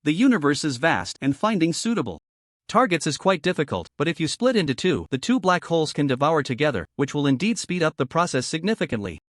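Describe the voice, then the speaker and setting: A man's voice: fairly high pitch, very animated, a little fast, no room sound, clean studio sound. A man voicing a lazy but careful young man reborn as a black hole in a storybook recap. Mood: musing.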